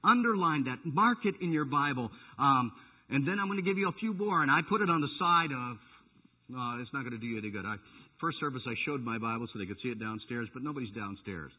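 A male pastor preaching a sermon in church, animated and teasing his congregation now and then. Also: medium pitch, quick pace. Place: church sanctuary. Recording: tinny phone-like church recording.

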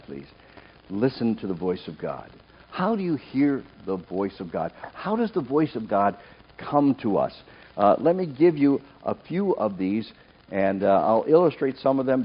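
A man's voice: lowish voice, normal speed, husky. A middle-aged male pastor preaching a sermon, telling a personal story and acting out the voices in it. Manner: animated storytelling, acts out quoted voices. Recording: dull lo-fi recording.

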